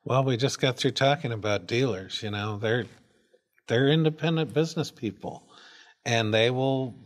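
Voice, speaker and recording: A man's voice: mid-range voice, normal speed. A man co-hosting a studio talk show, commenting in an easygoing, rambling way with fillers like "you know". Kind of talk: casual studio chat.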